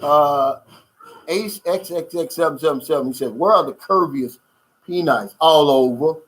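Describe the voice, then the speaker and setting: A man's voice: fairly high pitch, unhurried, fairly bright tone, low-quality recording. A man hosting a casual livestream, reading out viewer comments and giving blunt, emphatic opinions and addressing listeners as "man.".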